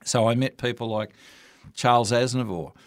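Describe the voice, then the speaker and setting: A man's voice: medium pitch, fairly even intonation, normal speed, no echo, studio quality. An older Australian man, a radio broadcaster and MC, telling anecdotes about his career in an interview. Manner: anecdotal, warm storytelling with quoted dialogue. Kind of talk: storytelling interview answers.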